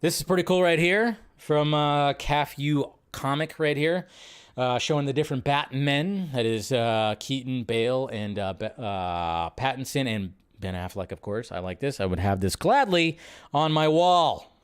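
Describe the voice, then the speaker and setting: A man's voice: mid-range voice, a little slow, smooth. A man hosting a live movie news stream, chatting casually in a rambling way and often repeating his phrases.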